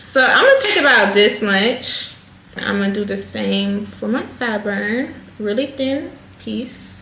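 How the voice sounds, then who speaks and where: A woman's voice: mid-range voice, fairly bright tone. A woman talking viewers through a wig install in a casual, chatty tutorial, calling them "y'all.". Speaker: hairstylist vlogger. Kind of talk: casual tutorial talk to camera. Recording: echoey room with faint noise.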